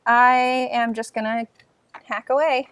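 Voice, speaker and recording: A woman's voice: on the high side, fairly even intonation, unhurried, heavy background noise. A woman playing at a tabletop game, chatty and unsure of the rules, laughing often. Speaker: player. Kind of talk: casual tabletop game play.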